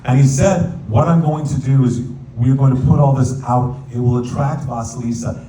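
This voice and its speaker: A man's voice: medium pitch, moderate pace, hardly any pauses. Man telling a sermon story in a hall. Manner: animated storyteller, sings Hebrew verses. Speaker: rabbi. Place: synagogue sanctuary. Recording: echoey hall, distant mic, faint room noise.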